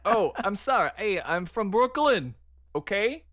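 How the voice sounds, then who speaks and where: A man doing a pushy Brooklyn tough guy with a put-on New York accent. The voice sits higher than his own and swings up and down a lot, and he insists on how things are done where he's from. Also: very animated, a little slow, a bit bright, exaggerated voice. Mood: brash. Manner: pushy, mock-apologetic.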